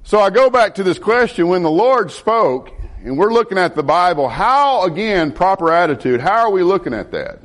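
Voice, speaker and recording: A middle-aged man, a pastor preaching a sermon in an animated way and asking the congregation questions. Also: sits high, moderate pace.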